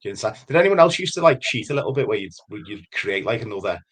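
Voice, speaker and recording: Lower-voiced man telling a story. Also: very animated, fast talker, fairly bright tone, slightly rough. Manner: enthusiastic storytelling, searching for names. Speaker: podcast co-host. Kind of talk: casual chat.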